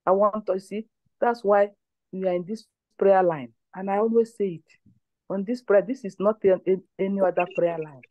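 A woman's voice: medium pitch, steady tone, moderate pace, mellow, dry recording. Lady leading a prayer call, emphatic, keeps repeating herself, dull lo-fi sound, dry. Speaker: prayer line leader. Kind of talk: testimony and exhortation.

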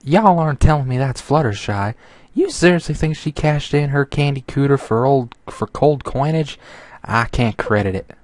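A man's voice: medium pitch, animated, moderate pace, no room sound, voice pushed up, lightly acted. A man reading the lines of a female farm pony with folksy exclamations. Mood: incredulous. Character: fretful female farm pony with a country drawl.

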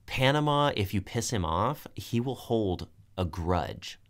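A man's voice: fairly low pitch, expressive, takes it slowly. A young man co-hosting a podcast, chatting casually and enthusiastically and jumping in with remarks. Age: young adult. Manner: enthusiastic, interjecting, laughs often. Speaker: podcast co-host. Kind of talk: casual chat.

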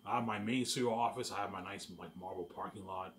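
A man's voice: on the low side, fairly even intonation, fast, slight background noise. A young man from Canada talking in a rambling, repetitive casual monologue to his viewers, boasting about his plans. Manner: repetitive, restarts phrases, boastful daydreaming. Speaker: vlogger.

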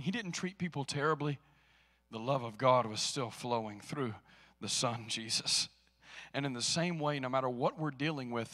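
A man preaching a sermon as pastor, swinging from hushed storytelling to loud exhortation. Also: mid-range voice, long reverb tail. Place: church sanctuary.

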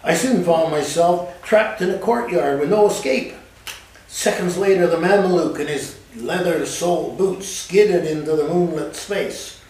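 A man's voice: fairly high pitch, measured pace, darkish tone. Man, author reading his novel, dramatic storytelling, echoey café room, distant mic. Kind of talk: first-person literary reading.

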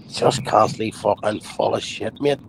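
A man's voice: on the low side, steady tone, moderate pace, vocal fry, a little hiss or hum, rough recording. A man on a live stream panel, heated and sweary.

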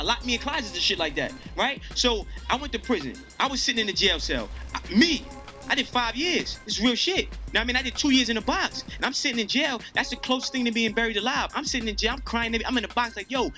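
A man's voice: extremely high pitch, pushed and bright. A man in his twenties giving a raw, blunt street speech to young people, cursing as he goes, then rapping his life story. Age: 20s. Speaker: speaker at a youth community gathering. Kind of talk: impassioned street speech and spoken-word rap.

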